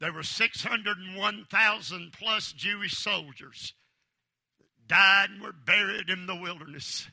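A man's high voice, edged with vocal fry and a little slow, carries a fervent revival sermon. He alternates shouted bursts with quiet lines and asks the congregation for amens.

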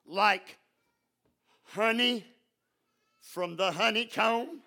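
Male preacher, bright gravelly voice with a husky edge, fervent delivery. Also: on the high side, a little slow, pauses often. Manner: rises into shouting, fervent. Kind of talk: sermon. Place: church.

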